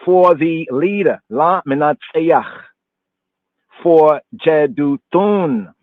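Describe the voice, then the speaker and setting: Slow, chanting man on a tinny line. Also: a little high, no echo. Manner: slow, repetitive chanting recitation. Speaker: podcast host. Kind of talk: psalm reading and teaching. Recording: tinny phone-line audio.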